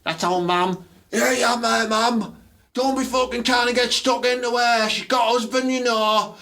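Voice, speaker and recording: A man voicing a brash, aggressive young woman out with her mum, in a high, mouthy voice. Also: steady tone, normal speed, sharp tone, heavily acted.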